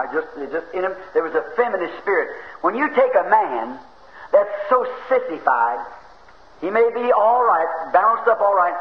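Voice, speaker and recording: A man preaching a fervent sermon, swinging from shouted exclamations to low, folksy storytelling. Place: church. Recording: roomy, dull 1950s church tape with faint hiss.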